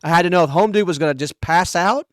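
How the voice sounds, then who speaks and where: A man on a podcast telling a crude, animated story between laughs in casual chat. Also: high voice, fast talker, no room sound, clean studio sound. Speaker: podcast co-host.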